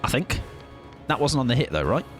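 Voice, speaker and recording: A man's voice: mid-range voice, a little fast. Chatty man over game music. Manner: chatty, excitable, self-mocking, swears casually. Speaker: streamer. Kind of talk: live gameplay commentary.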